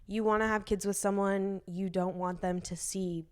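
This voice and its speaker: This woman in her early twenties is a podcast guest telling stories casually, chatty and full of fillers, and she acts out quoted dialogue. Her mid-range voice is a little mellow and smooth, with fairly even intonation at a normal speed.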